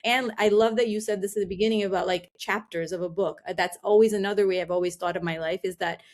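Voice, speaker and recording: A woman's voice: medium pitch, steady tone, fast, darkish tone. A middle-aged woman, a podcast guest, talking candidly and reflectively in a casual interview, often saying "like". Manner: candid, reflective, fillers of "like", acts out her own past thoughts.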